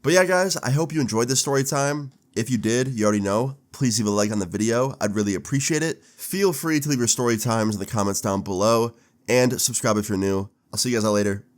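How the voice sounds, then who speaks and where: A young man in his twenties telling a casual storytime, animated and swearing with laid-back slang. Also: mid-range voice, a little fast. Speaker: storytime vlogger.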